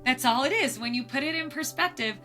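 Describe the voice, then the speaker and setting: Brief: American woman explorer, middle-aged, bright and a bit high voice, lively storyteller. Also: fairly quick, faint music behind. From United States. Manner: vivid, acts out quoted moments. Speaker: guest, polar explorer. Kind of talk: storytelling interview.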